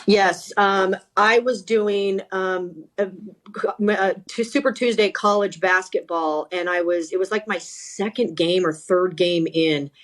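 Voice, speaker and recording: A middle-aged woman, a sideline reporter, telling stories in a podcast interview, animated and full of restarts. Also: mid-range voice, measured pace. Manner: animated, self-correcting, lots of repeated starts. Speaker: sideline reporter and talent coach.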